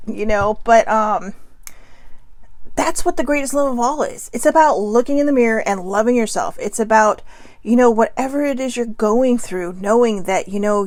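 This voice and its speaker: A woman talks straight into a close, dry mic in a loose, rambling pep-talk style. Her throat sounds scratchy and she keeps clearing it. She is full of "you know"s and casual swearing. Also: mid-range voice, no echo. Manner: chatty and rambling, swears freely, many "you know" fillers. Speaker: vlogger hosting a daily live video.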